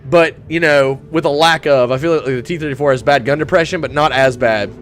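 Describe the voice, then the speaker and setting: A young man commenting on his own tank gameplay in a put-on gruff voice, excitable and quick to whoop and laugh. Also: a little high, a little hiss or hum. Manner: talks in a put-on gruff tanker voice. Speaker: gaming YouTuber.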